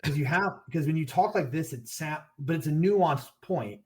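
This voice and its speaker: A man with a somewhat high-pitched voice talks casually on a podcast. He rambles and restarts often while working through costs and product plans. The tone is loose and conversational. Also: moderate pace. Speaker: gear brand owner, podcast guest.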